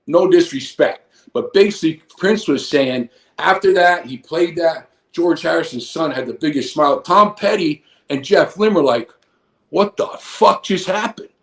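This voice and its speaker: His pitch fairly high and his delivery expressive, the man keeps a normal speed with few pauses. He is a former pro wrestler in his fifties, a guest casually telling a long, foul-mouthed, wandering story in an echoey room.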